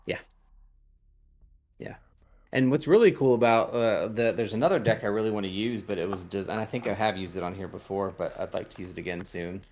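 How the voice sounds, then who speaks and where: Male podcast host, low-ish voice, meandering and halting, casual chat. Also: darkish tone. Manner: rambling, hesitant, lots of ums. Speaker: podcast host reading tarot.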